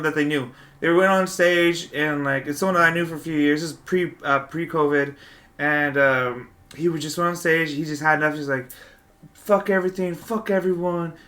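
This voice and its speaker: A man's voice: a little high, bright, forceful tone. A man hosting a podcast, chatting loosely, swearing freely and laughing often. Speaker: podcast host. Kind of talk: casual chat.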